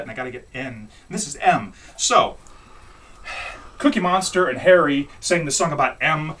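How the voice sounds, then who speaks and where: A man's voice: fairly high pitch, a bit bright, distant mic. A man doing a rambling, jokey comic monologue, retelling bits with goofy voices. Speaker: comic host reading letters.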